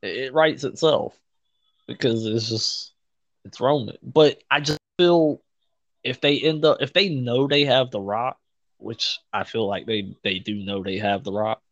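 Male co-host, excitable, laughs a lot, street slang, mid-pitched, dead-dry muffled recording. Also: measured pace, no echo. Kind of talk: casual wrestling chat.

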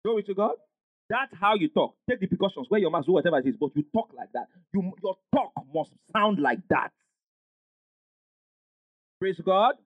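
A man preaching a sermon as pastor, emphatic, rising into shouts and call-and-response with the congregation. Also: sits high, expressive, normal speed, long pauses, no echo, narrow, tinny audio.

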